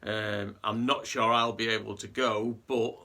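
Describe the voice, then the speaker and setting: A man's voice: on the low side, steady tone, unhurried, pushed and bright. A man vlogging in a casual monologue, earnest and rambling with frequent restarts.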